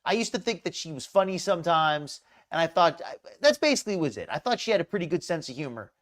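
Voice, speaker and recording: A woman's voice: lowish voice, very animated, fast. A woman hosting a live reaction stream, ranting with anger and sarcasm. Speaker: host.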